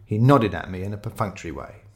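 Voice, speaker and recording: A man's voice: lowish voice, lively intonation, fast talker. A man reading a first-person mystery story aloud, descriptive and wry in his storytelling. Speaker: narrator.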